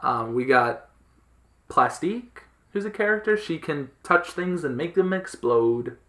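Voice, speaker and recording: On a laid-back comics podcast, this male host talks eagerly and meanderingly, leaning on fillers and frequently starting over. He speaks somewhat slowly, with a fairly high, expressive voice and a sharp tone.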